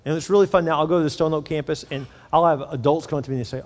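A man's voice: on the high side, very fast, few pauses. Man preaching in a reverberant church hall. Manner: animated storytelling, drops to a soft prayerful voice. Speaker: pastor. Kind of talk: sermon. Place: large church auditorium. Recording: long church hall reverb with faint music.

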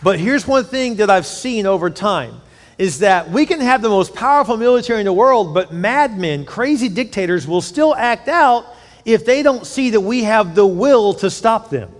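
Male pastor, high voice, lively conversational sermon delivery, long reverb of a big church hall. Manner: animated, conversational preaching with quick asides.

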